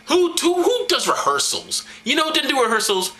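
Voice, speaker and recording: A man's voice: extremely high pitch, wildly swooping pitch, normal speed, sharp tone. Profane man stumbling through a reading. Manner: stumbling, profane, mocking asides. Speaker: comedic Bible reader. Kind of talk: irreverent comedic reading to camera. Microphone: camera.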